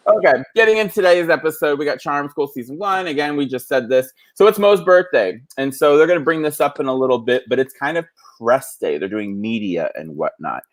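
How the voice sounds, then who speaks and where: A fairly high, animated male voice rattles along briskly, barely pausing. He hosts a podcast from the New York City area, telling casual stories thick with fillers.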